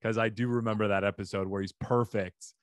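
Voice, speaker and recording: A man hosting a comedy podcast with a deep, resonant radio voice, joking and self-deprecating in casual chat. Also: fairly even intonation, fairly quick, dry recording, studio quality. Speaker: podcast host.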